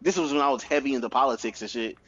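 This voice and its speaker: A man in his thirties on a podcast, telling family stories in an animated, profane way with lots of laughs. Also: mid-range voice, rapid-fire, slightly rough, dull audio. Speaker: podcast co-host. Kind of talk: casual chat.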